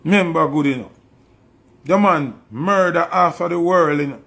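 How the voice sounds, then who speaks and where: Speaking at a normal pace in a fairly high voice, a Jamaican-accented commentator lectures his audience head-on. The sermon-like talk grows more heated until it turns into angry shouting.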